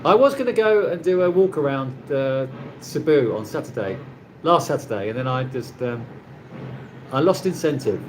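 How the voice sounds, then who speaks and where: A man's voice: mid-range voice, lively intonation, normal speed, a little hiss or hum. A man from England, hosting a rambling casual live chat with viewers from his condo, laughing often. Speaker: livestream host. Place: condo in the Philippines.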